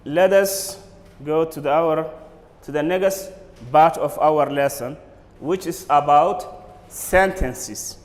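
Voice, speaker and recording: A man teaching an English pronunciation lesson, drilling words slowly and repeating each one. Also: a little high, long reverb tail. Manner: slow, drilling words with repetition. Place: classroom or studio for a TV lesson.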